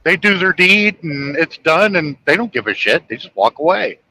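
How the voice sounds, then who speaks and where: A man's voice: on the high side, expressive, moderate pace, pushed and bright, a little hiss or hum, poor audio. A man chatting casually on a live stream, laid-back and opinionated. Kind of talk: casual chat.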